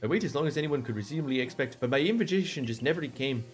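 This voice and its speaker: A man's voice: medium pitch, lively intonation, racing, soft background music, close to an everyday voice. A man voicing an arrogant, pompous male video game clan leader in a put-on accent, drawling and belittling everyone. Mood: smug.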